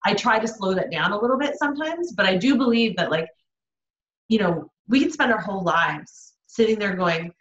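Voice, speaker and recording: A young woman co-hosts a motivational chat, pressing her point with earnest passion. Her voice sits at a middling pitch. The sound is roomy and a little muffled. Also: expressive, normal speed, a bit bright. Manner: earnest, impassioned, urging listeners. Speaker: podcast co-host. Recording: echoey room, dull audio.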